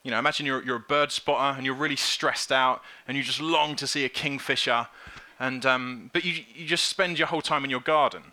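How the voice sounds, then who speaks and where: Bright-voiced man giving a lively sermon. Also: mid-range voice, fairly quick, few pauses. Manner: lively, conversational preaching with acted-out quotes. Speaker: preacher.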